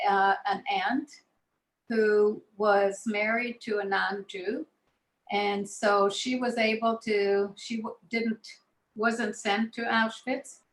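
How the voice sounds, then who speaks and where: A woman's voice: medium pitch, fairly bright tone, roomy sound, rough recording. A woman from Israel telling her family's story as a speaker, in an anecdotal, conversational way. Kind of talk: personal storytelling talk.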